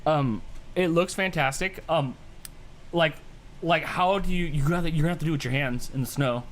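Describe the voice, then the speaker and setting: A man hosting a relaxed livestream from home, talking in a voice pitched a little on the high side. He rambles through his stories and stumbles over restarts as he goes. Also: a little fast, a little hiss or hum. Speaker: host. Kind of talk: casual livestream chat.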